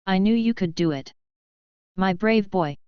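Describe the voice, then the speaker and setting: A woman voicing a gentle, careful mother in a storybook reading. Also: mid-range voice, unhurried, smooth, dry recording, close to an everyday voice. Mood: tender. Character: loving careful mother, middle-aged woman. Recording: dull lo-fi dry.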